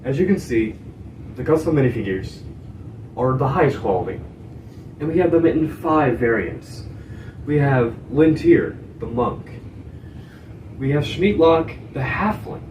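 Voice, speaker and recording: A man hosting a mock advertisement in a salesy, pitching manner. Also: expressive, a little slow, long pauses, darkish tone. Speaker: channel host. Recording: roomy, distant, noisy.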